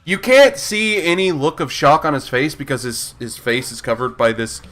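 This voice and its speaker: Bright-voiced male game master. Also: on the high side. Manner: halting narration full of fillers and restarts. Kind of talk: narrating a tabletop game. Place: live stream.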